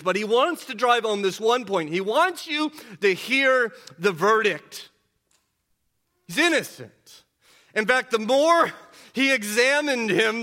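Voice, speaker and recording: A man preaching an expository sermon, asking rhetorical questions and dropping low and quiet for emphasis. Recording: long hall reverb.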